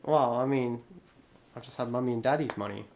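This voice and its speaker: A man's voice: medium pitch, a little fast, gravelly, a little mellow. A young man streaming live, chatting casually with his mother on a call and reading out chat messages with wry, self-deprecating humour.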